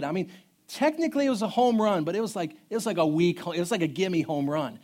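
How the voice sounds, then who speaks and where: A man's voice: high voice, brisk. A man in his thirties preaching a sermon as pastor, telling stories in a conversational, humorous way. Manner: storytelling, conversational and animated with humor.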